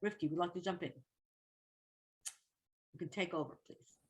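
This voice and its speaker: A woman's voice: on the low side, normal speed, darkish tone. A woman teaching an online Torah class, reading Hebrew text and translating it line by line into English.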